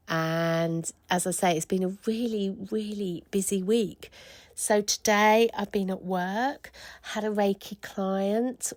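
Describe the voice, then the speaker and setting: A woman's voice: fairly low pitch, darkish tone, no room sound. A middle-aged woman hosting a casual solo podcast, gushing and emotional, rambling with many restarts. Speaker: podcast host and spiritual coach.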